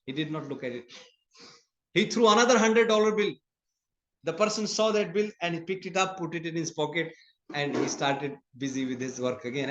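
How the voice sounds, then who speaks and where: A man's voice: high-pitched, a little fast, fairly bright tone. A man giving a scripture class in a temple. He talks in a conversational way, tells stories and laughs often. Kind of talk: sermon. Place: temple hall. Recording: echoey temple hall.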